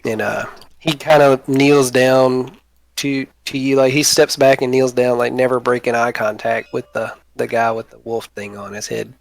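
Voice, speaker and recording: A man's voice: medium pitch, little pitch movement, moderate pace, gravelly, no room sound. A man running a tabletop game, narrating casually with many fillers. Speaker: game master.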